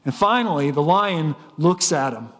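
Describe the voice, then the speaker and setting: A man's voice: a little high, lively intonation, moderate pace, fairly bright tone, in a large hall. A man preaching a sermon as pastor, telling stories with frequent restarts. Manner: storytelling preacher with repeated restarts. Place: church sanctuary.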